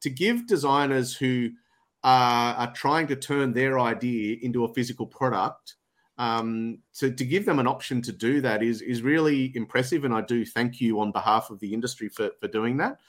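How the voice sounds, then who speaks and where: A man, a podcast guest chatting casually on a video call and often restarting his sentences. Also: medium pitch. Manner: halting, many restarts and fillers. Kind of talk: casual chat.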